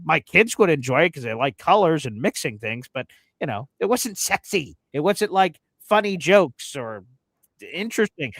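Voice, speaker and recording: A man hosting a casual sports talk show, excitable and mocking as he talks. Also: a little high, no room sound. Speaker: sports podcast host.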